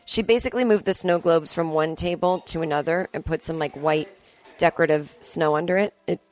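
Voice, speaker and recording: A woman's voice: deep voice, a little fast, a little mellow. A woman giving casual, playful commentary on a movie at home, chatty and full of gushing exclamations. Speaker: vlogger. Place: family home indoors.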